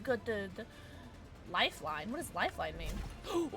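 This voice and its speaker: A woman streamer chatting casually while playing, giggly and chatty, quickly excited. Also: medium pitch, faint music behind. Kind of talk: casual gaming livestream chat.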